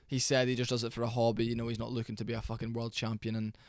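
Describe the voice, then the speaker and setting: A young man giving a casual, rambling reaction commentary, tired and low on energy, with fillers and swearing. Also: completely flat delivery, very fast, dry recording. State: sleepy, worn out. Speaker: MMA reaction channel host.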